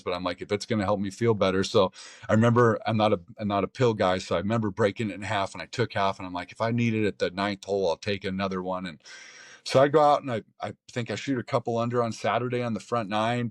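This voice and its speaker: Middle-aged American man, pro golfer guest, lowish voice, dry close mic, rambling storyteller. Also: no room sound. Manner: rambling, animated retelling with restarts and quoted inner speech. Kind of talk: casual storytelling in an interview.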